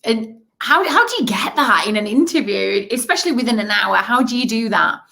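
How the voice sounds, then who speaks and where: Woman co-host, bright sharp voice, rambly, says you know a ton. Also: a little high, expressive, fairly quick, vocal fry. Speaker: co-host of online festival livestream. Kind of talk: casual chat.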